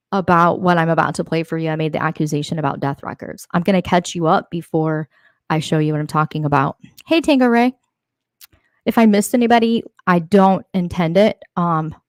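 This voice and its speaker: A woman's voice: fairly low pitch, dry recording, studio quality. A woman hosting a casual livestream, greeting chat viewers one by one in a friendly, chatty way. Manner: friendly, chatty, rapid shout-outs. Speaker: livestream host.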